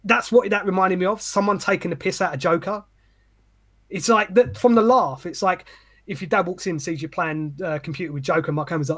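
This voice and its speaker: Husky, sweary man ranting. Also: high-pitched, a little fast, fairly bright tone. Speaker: podcast co-host. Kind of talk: casual chat.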